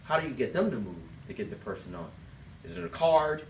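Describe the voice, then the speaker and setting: Speaking fairly quickly in a creaky, high-side voice, a very animated man runs a sales class, instructing listeners directly and asking them to write things down. This sales trainer's coaching talk was caught in an echoey room on a distant mic, with a little hiss or hum.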